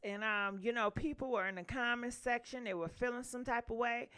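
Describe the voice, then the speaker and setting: A woman hosting a gossip channel, chatting casually with sassy, teasing asides and loud outbursts. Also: a little high, a little fast, clear, resonant tone.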